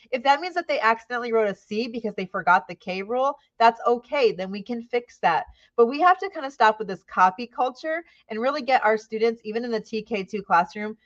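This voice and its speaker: A woman teacher with a fairly high voice walks other educators through her method in an upbeat, conversational way. She keeps tagging her points with "right?" and slips into the bright questioning tone she uses with young children. The sound is a little dull and lo-fi. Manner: upbeat, frequent "right?" tags, models classroom questioning. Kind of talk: teacher training presentation.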